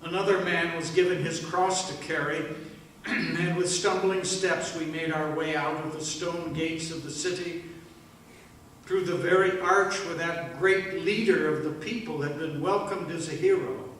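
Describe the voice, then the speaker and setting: Man, fairly high voice, dramatic church monologue, solemn and measured, roomy sanctuary, faint hiss. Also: fairly even intonation. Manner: slow, solemn storytelling with hushed dramatic pauses. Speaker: worship leader. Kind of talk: dramatic first-person monologue. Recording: echoey room, mic at a distance.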